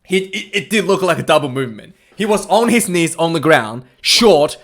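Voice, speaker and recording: A man giving a casual, rambling recap of a rugby match, excitable and full of asides. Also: a little high, moderate pace.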